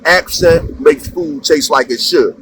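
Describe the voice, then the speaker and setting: The comedian talks slowly this time, his voice a little high, as he tells a comic story in a relaxed, animated style with frequent "right?" check-ins. Background noise is present.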